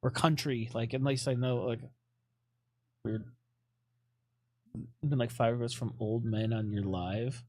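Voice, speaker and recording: A man's voice: mid-range voice, steady tone, unhurried, pauses often, darkish tone, no echo. A man chatting casually on a live stream, rambling with lots of fillers, swearing often and fidgeting restlessly.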